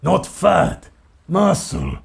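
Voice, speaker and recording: Man doing a gravelly, blunt Goliath brute. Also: high-pitched, wildly swooping pitch, very slow, voice pushed up, heavily acted. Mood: threatening. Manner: broken speech, threatening, blunt. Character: huge, gruff male Goliath sailor, scarred and blunt.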